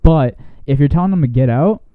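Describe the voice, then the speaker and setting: A man's voice: on the high side, lively intonation, brisk, dry recording. Young male podcast co-host, casual and profane, thin lo-fi phone-like audio. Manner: rambling, swears freely, retells clips with acted quotes. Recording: dry, tinny phone-like sound.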